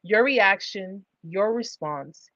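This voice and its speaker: A woman's voice: medium pitch, expressive, takes it slowly, fairly bright tone, no room sound, highs cut off. Emphatic woman repeating rhetorical questions. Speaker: livestream host. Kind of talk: livestream advice talk.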